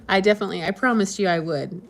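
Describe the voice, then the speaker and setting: A woman's voice: medium pitch, moderate pace. A woman from the West Coast hosting a casual live stream, chatting and reading viewer comments in a meandering way with frequent ums and small laughs. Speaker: homesteading channel host.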